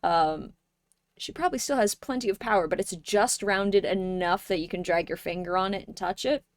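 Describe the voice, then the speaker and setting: A young woman streamer chatting casually with her viewers, playful and joking, with sudden loud bursts. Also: mid-range voice, moderate pace, no room sound, clean studio sound. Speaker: live streamer.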